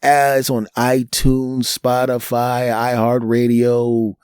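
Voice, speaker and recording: Speaking slowly and smoothly at a medium pitch, this Northeastern US podcast host works alone, spinning an animated tale and voicing each quoted character himself. The recording has studio quality and no echo at all.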